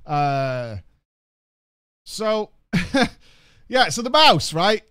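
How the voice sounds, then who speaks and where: Guy streaming, super expressive voice jumping all over, dead dry sound. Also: sits high, takes it slowly, pauses often, no room sound. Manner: animated storytelling, swearing, frequent restarts. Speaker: streamer reacting to a video. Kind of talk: casual live-stream chat.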